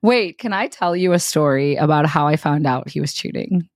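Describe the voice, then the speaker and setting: A woman's voice: deep voice, moderate pace, dry recording, studio quality. A young woman co-hosting a podcast, telling a story casually and acting out the quotes with laughter. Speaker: podcast co-host. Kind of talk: casual chat.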